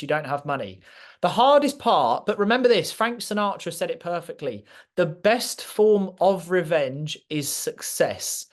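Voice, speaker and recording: A man gives a motivational masterclass, pressing each point hard and repeating lines for effect. His voice sits a little high for a man. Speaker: speaker.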